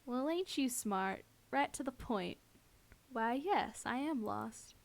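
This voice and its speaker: A woman voicing a sweetly threatening male stalker who speaks in a slow, lazy drawl. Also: a little high, animated, vocal fry, exaggerated voice. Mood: sweetly menacing.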